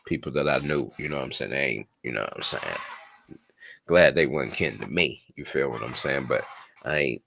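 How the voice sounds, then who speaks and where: A man in his twenties, with an extremely low yet slightly bright voice, tells a personal story in a laid-back, casual way. He swears a lot and keeps checking in with "you know what I'm saying."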